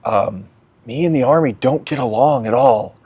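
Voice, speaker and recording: A man's voice: mid-range voice, animated, normal speed, a little mellow, husky, dry recording. A young man sharing his recovery story in a candid, emotional way as an interview guest. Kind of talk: candid testimony.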